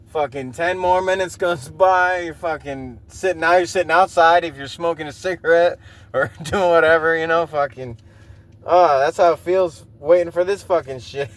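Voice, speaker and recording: A man's voice: on the high side, moderate pace. A man hosting a casual solo podcast, rambling and swearing freely and laughing often. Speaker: podcast host.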